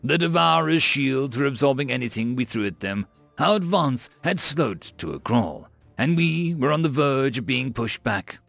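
Gravelly, expressive male audiobook narrator. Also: mid-range voice, moderate pace. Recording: dry close mic with faint music.

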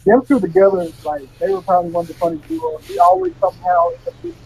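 A young man and former college football player, telling stories as an interview guest in a relaxed way, often laughing and repeating words. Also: high voice, fast, a little hiss or hum, rough recording. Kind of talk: casual interview.

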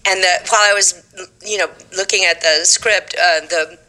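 A woman's voice: on the low side, moderate pace, low-quality recording. A woman in her seventies from Texas, a stage actress and singer telling stories in an interview and acting out the voices of the people in them. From Texas, USA. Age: 70s. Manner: animated, acts out quoted voices in her stories. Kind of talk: storytelling in a conversational interview.

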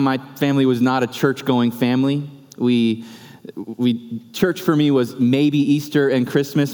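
Male preacher, 30s, from California, earnest testimony, mid-pitched voice, long hall reverb. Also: a little mellow, clean tone. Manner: earnest storytelling, slowing for emphasis. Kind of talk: sermon testimony.

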